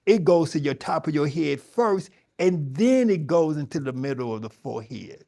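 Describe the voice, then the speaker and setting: A man's voice: a little high, lively intonation, normal speed, creaky, dark tone. A middle-aged man teaching yoga, talking conversationally and emphatically to his audience, often restarting his sentences. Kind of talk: spoken talk to a yoga audience.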